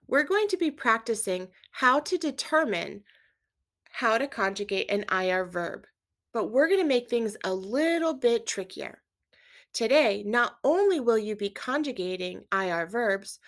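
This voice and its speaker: A woman teaching a Spanish grammar lesson, patiently explaining verb endings and quizzing the listener in a clear, steady way. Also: fairly high pitch. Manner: clear, patient instruction with quiz prompts. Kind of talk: scripted language lesson.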